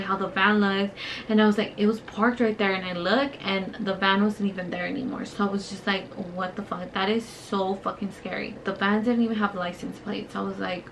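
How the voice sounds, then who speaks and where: A woman's voice: medium pitch, a bit bright, slight background noise, low-quality recording. A young woman, telling a story in casual, profane, filler-heavy talk while doing her makeup on camera. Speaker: beauty vlogger.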